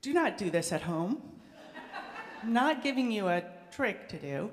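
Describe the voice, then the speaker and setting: A woman pastor leading prayers and then telling a story to children in a gentle, conversational way. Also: mid-range voice, very animated, measured pace, a little hiss or hum. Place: church sanctuary. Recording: echoey church hall reverb.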